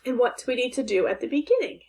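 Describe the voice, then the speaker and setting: A woman teaching a phonics and punctuation lesson to young children, speaking slowly and clearly, asking questions and praising answers. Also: fairly high pitch, sing-song, darkish tone.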